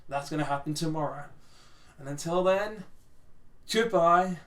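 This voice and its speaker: A man's voice: a little high, unhurried, pauses often, fairly bright tone, far from the mic. A man casually rambling through wrestling predictions on his channel, with restarts and swearing. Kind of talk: casual solo commentary to camera.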